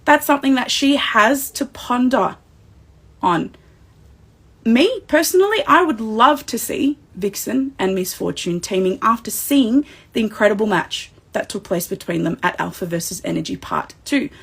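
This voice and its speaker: Emotional husky Australian woman recapping. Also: a little high, normal speed. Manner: excitable and emotional, talking straight to the fans. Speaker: livestream recap host. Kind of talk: wrestling show recap livestream.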